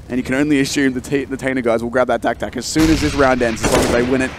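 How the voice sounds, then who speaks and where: A man with an Australian accent doing play-by-play commentary on a competitive shooter match, getting louder and higher at big plays. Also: rapid-fire, slight background noise. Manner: excitable, rising in pitch and volume at big plays. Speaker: esports caster. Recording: loud game gunfire behind.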